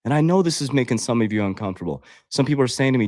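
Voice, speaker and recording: A man's voice: mid-range voice, animated, fast, darkish tone, dry recording, clean studio sound. Blunt, swearing male coach. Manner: blunt and confrontational, swears freely; addresses viewers directly as guys. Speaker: life coach. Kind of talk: livestream motivational talk.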